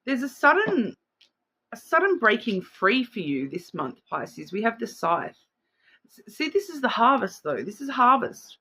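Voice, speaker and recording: A woman with an Australian accent gives a casual card reading in a fairly high, sing-song voice that's pushed, bright and a little rough. She talks at a measured pace, chatty and rambling, and keeps checking in with the listener by asking "all right?"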